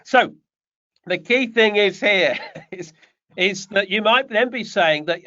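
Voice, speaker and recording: A man's voice: high voice, animated, takes it slowly, bright, forceful tone. Chatty man on a dull call line. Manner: chatty, rambling, joking asides. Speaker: property development coach. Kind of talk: online Q&A session. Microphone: video call. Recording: dull lo-fi online call audio.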